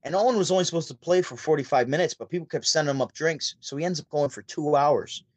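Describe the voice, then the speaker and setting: A man from Syracuse, New York, telling stories as a podcast guest over a remote call, chatty and animated. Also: on the high side, fast, no room sound. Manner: chatty, animated, with frequent restarts. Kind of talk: casual storytelling.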